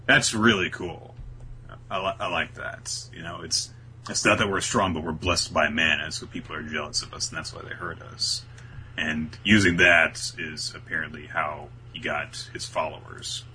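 A man's voice: extremely low pitch, steady tone, moderate pace, sharp tone, slight background noise. A man co-hosting a casual talk show, recapping a comic chapter and jumping into quoted voices of its characters. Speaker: podcast co-host recapping a manga chapter.

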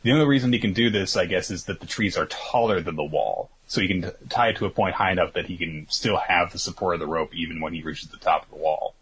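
A man's voice: sits low, fast talker, few pauses, a bit bright, husky. A man casually recapping a story in a rambling, filler-heavy way. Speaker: podcast host recapping manga. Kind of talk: casual chat.

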